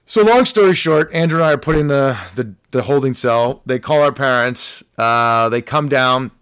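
A man's voice: mid-range voice, moderate pace, clear, resonant tone, dry recording, studio quality. A young adult man, a podcast guest, casually telling a funny story from his teenage years. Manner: animated anecdote telling, acts out quoted voices.

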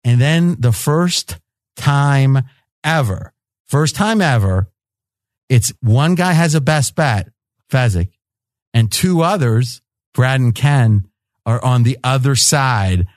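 Slow, dry-voiced man hosting a betting panel. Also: mid-range voice, animated, no room sound. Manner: teasing, laughs often, ribs his guests. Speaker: podcast host. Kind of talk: sports betting roundtable chat.

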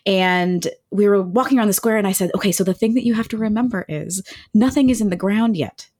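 A woman's voice: mid-range voice, fast talker, darkish tone. A woman, chatting enthusiastically as a guest about local food, with plenty of fillers. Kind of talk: casual chat.

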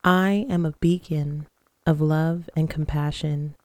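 A woman hosting a podcast who leads slow, calm breathing exercises and guided affirmations in a soothing manner. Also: low voice, dry recording. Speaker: podcast host.

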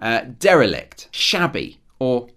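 A man's voice: medium pitch, huge pitch swings, slow pace, heavy background noise. Man teaching English vocabulary. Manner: friendly, clear, teacherly, explains with examples. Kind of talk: explanatory vocabulary lesson.

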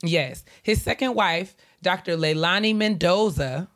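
A woman co-hosting a podcast, calmly laying out background details in casual chat. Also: on the low side. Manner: measured, reads out details. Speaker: podcast co-host. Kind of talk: casual chat, recounting news.

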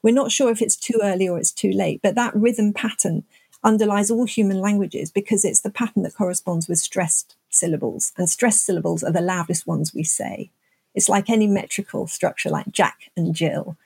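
A woman's voice: medium pitch, moderate pace, gravelly, a little mellow, breathy edge, no echo. An older woman, a scientist guest, explaining her research thoughtfully in an interview. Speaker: neuroscientist guest.

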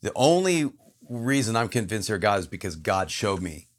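A man's voice: on the low side, sing-song, normal speed. A man telling a personal story as a podcast guest, earnest and emphatic.

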